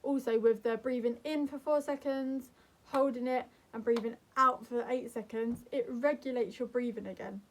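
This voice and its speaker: A young woman vlogger giving calm, earnest advice to camera in a gentle, soothing way. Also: on the high side, moderate pace, slight background noise. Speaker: mental health vlogger.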